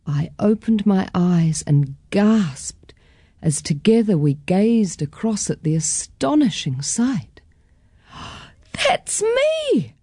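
A woman reading a children's story aloud in a gentle, expressive way. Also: lowish voice, slow pace, breathy edge, no room sound, clean studio sound. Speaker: storybook reader.

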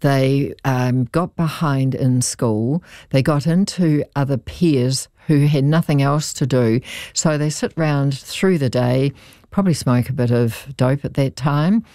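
A lawyer telling a client's story in an interview, in an earnest, measured way with emphatic repeats. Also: medium pitch, mellow, no echo, studio quality.

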